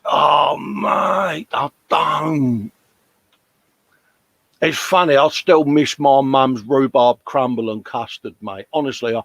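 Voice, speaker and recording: A man's voice: mid-range voice, slow pace, gravelly, a bit bright, no room sound. Matey man chatting on a live stream. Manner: chatty, matey, jokey banter. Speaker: host of a live modelling stream. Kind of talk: casual chat reading out live comments. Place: hobby workshop at a bench.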